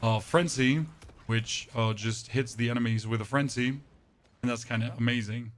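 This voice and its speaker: A man chatting through gameplay in a loose, candid way, blunt with his opinions and tripping over restarts as he thinks aloud. His pitch sits in an ordinary middle range. A faint hiss runs under the recording. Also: fairly even intonation, normal speed. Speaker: gaming streamer. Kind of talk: casual gameplay commentary.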